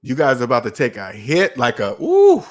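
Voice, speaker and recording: A man's voice: mid-range voice, huge pitch swings, moderate pace. A man hosting a personal finance livestream, talking emphatically to his chat, repeating points and asking rhetorical questions.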